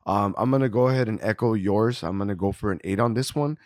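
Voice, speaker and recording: A man with a lowish voice rambles through his beer ratings, hunting for words with plenty of ums and easy laughs. He sounds close and dry, as if right on the mic. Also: quick pace, darkish tone, dry recording. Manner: rambling, many fillers, laughs often. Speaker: podcast co-host. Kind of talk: casual beer-tasting chat.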